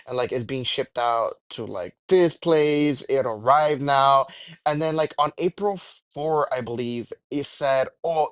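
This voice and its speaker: A man's voice: medium pitch, fairly bright tone, smooth, dry recording. A young man telling a rambling, profane storytime with jokey exaggerations. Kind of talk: casual storytime rant.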